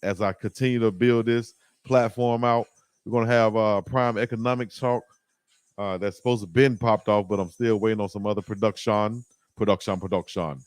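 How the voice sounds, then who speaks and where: A man's voice: on the low side, moderate pace, clean tone, dry recording. Laughing, slangy man hosting a live stream. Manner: animated, laughing, slangy banter. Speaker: live-stream show host. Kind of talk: casual live-stream chat.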